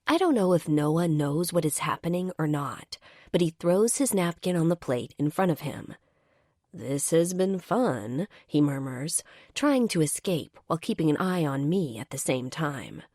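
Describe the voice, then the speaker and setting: A woman's voice: low-pitched, big pitch swings, normal speed, darkish tone, no echo, clean studio sound. A woman narrating a first-person romance audiobook in a wry, exasperated manner.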